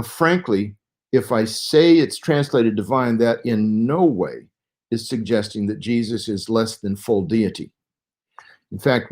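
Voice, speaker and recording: A man's voice: medium pitch, darkish tone. A man in his sixties from Southern California, a Bible scholar guesting on an interview show, explaining things carefully and step by step, like a lecture.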